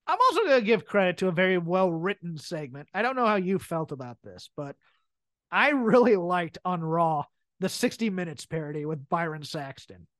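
A woman co-hosting a casual chat show. She talks in an animated way, laughs often and acts out quotes. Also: fairly low pitch, normal speed, no room sound. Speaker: podcast co-host.

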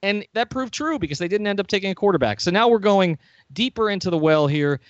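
A man's voice: high-pitched, expressive, dry recording, muffled recording. Upbeat talkative male podcast host. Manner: upbeat, talkative, quick to joke. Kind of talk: casual podcast chat.

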